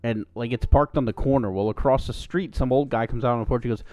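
A man's voice: medium pitch, fast, few pauses, a little mellow, no room sound, muffled recording. A man co-hosting a podcast, telling a long profane story in casual chat and putting on quoted voices. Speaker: podcast co-host.

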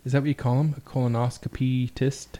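A man's voice: medium pitch, level tone, a little fast, dark tone. Giggly man co-hosting a podcast. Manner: giggly, joking banter. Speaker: podcast co-host. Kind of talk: casual chat.

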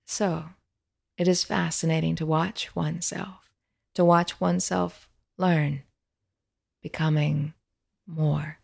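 A woman voicing a tall, calm, snake-headed male spirit who teaches in a quiet, measured way. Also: low-pitched, creaky, exaggerated voice. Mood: calm, wise.

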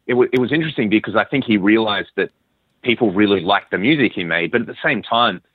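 An Australian man, a guest musician, telling a long story in a relaxed, rambling way with frequent restarts. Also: lowish voice, fast, slightly rough. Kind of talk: casual interview chat. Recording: tinny phone-line sound, dry.

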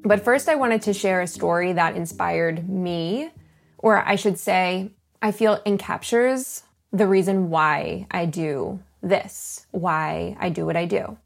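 A woman's voice: fairly low pitch, takes it slowly, creaky, faint music behind. A woman in her thirties hosting a solo podcast, talking in an earnest, open and confessional way. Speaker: podcast host.

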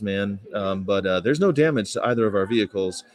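A man's voice: lowish voice, rapid-fire, hardly any pauses. A man chatting casually on a livestream, telling rambling stories with fillers and short laughs, outdoors on a campus. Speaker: vegan activist livestreamer. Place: outdoors on a campus, beside his truck. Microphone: phone or camera.

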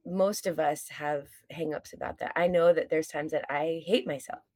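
A woman's voice: sits low, fairly even intonation, moderate pace, a little mellow, dry recording. A woman podcast guest and stage performer talking in casual chat, earnest, reflective and openly candid, now and then swearing.

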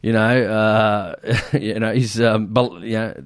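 A man's voice: fairly low pitch, fairly even intonation, takes it slowly, no room sound, studio quality. A man with an Australian accent, co-hosting a casual chat and telling a long story, full of fillers and acted-out quotes. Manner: rambling, lots of fillers, acts out quotes. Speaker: podcast co-host.

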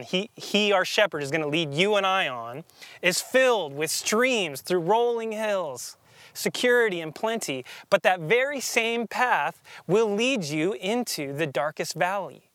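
A man's voice: sits high, expressive, a bit bright, no echo. Earnest, emphatic male preacher. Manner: earnest, emphatic, with deliberate slow stresses. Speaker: pastor. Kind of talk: sermon.

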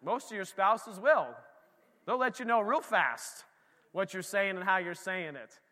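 A pastor preaching a lively, conversational sermon in a church, talking straight to his congregation. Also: high voice, a little slow, in a large hall.

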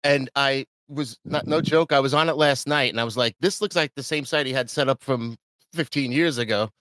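A male host leads a casual chat, full of eager questions and quick laughs. His voice sits at a middle pitch. The sound is dry and close. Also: a bit bright, no echo. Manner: eager, curious questioner who laughs easily. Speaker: podcast host.

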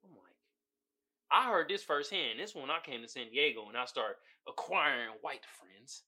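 A man hosting a podcast, giving casual solo commentary in an animated, profane way, often laughing and putting on voices. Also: mid-range voice, moderate pace. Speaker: podcast host.

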